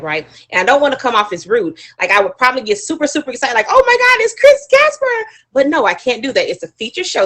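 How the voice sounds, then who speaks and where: A woman's voice: fairly high pitch, fairly bright tone, slightly rough. A woman wedding planner hosting a live stream, chatting with viewers in a bubbly way and laughing often.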